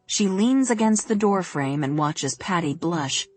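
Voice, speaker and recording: A woman reads a novel aloud in a steady, even narration. Her voice sits fairly low, and the recording is very dry and close. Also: unhurried, no room sound, faint music behind. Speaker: audiobook narrator. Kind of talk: scripted narration.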